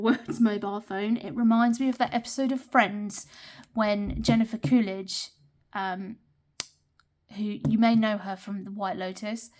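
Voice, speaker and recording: Slow-talking British woman counting cash. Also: medium pitch, darkish tone. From Britain. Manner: chatty, counts money aloud, often drops to a murmur. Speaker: budgeting vlogger. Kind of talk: casual chat while counting cash.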